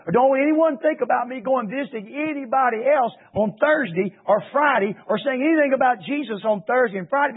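A man's voice: very high voice, slightly rough. A man preaching a sermon, pressing his listeners with impassioned rhetorical questions. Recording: tinny phone-like radio broadcast.

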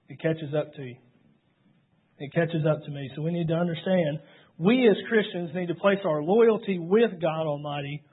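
A man's voice: high-pitched, slightly rough. A man preaching a sermon, retelling scripture in a storytelling way. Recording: tinny phone-like sound.

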